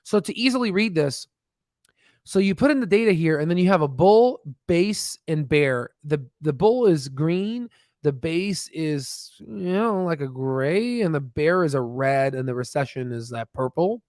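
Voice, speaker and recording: A man's voice: on the high side, expressive, unhurried, darkish tone, no room sound, clean studio sound. A man hosting a stock channel, chatting casually and rambling with many fillers and restarts, laughing at himself. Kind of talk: casual livestream chat. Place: home desk with screen share.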